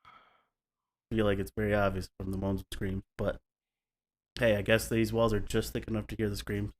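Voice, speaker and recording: A man's voice: fairly low pitch, a bit bright. A man hosting a podcast, retelling stories in a casual, wry way and slipping into playful mock voices. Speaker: podcast host.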